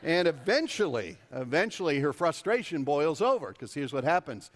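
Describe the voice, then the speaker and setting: Pastor man preaching casually with jokes, fairly high voice, long hall reverb. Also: big pitch swings, normal speed. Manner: conversational and humorous, jumps up in pitch for emphasis. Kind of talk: sermon. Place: church sanctuary. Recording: echoey church hall.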